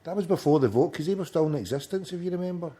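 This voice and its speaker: A man's voice: fairly high pitch, animated, rapid-fire, warm tone, husky. A man, hosting a late-night phone-in, rambling in sweary chat and calling his friend "mate" often. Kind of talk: casual banter over a call.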